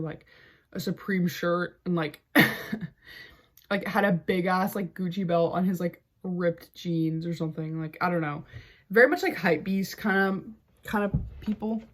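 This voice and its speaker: A young woman with a slightly low-pitched voice tells a story on her podcast in a relaxed, chatty flow. Filler words pile up between her wry asides, and she keeps an amused storytelling tone throughout. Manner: chatty, heavy use of "like" fillers. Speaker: podcast host. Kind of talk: casual storytelling chat.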